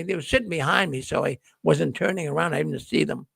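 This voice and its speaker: Host: gravelly, fairly high-voiced middle-aged man, folksy storyteller, dry close mic. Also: brisk, fairly bright tone, no echo. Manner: folksy storytelling, acts out quoted dialogue. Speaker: host of a news livestream. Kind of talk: casual monologue to viewers.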